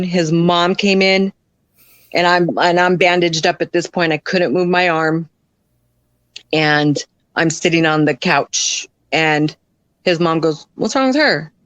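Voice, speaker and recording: Speaking in a lowish voice with no echo, this podcast guest shares candid personal stories in a frank, blunt manner, using plain, unpolished sentences and lots of fillers. The sound is dry and close, and she quickly raises her voice whenever she imitates what others said.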